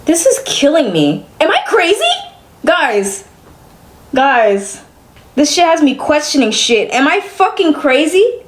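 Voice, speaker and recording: Venting to her chat during a live stream, a young adult woman sounds exasperated and swears freely, her reactions ranging from loud disbelief to weary muttering. She has a fairly high, sing-song voice and a measured pace.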